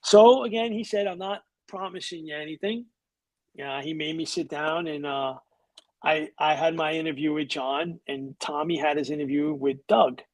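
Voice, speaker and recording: A middle-aged man from New York tells a long anecdote in a lively, profane way and acts out the people in it. His voice sits a little high for a man. The sound is dry and close. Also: normal speed, no echo. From New York, USA. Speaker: guest. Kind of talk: casual storytelling in conversation.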